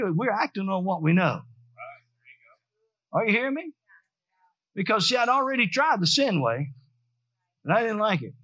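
Older male pastor, lively preaching. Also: high-pitched. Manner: storytelling, punctuated with hallelujahs and amens. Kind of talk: sermon. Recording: dry, dull lo-fi sound.

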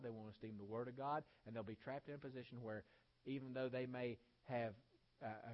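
A man's voice: mid-range voice, muffled recording. Folksy, emphatic male preacher. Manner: emphatic, folksy, with rhetorical questions. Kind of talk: sermon.

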